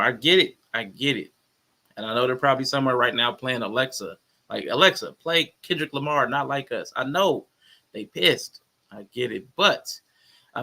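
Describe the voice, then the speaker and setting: A commentary channel host with a creaky, mid-range voice runs a casual reaction stream. He talks loosely and conversationally to his viewers and chat, relaxed throughout and calling them y'all.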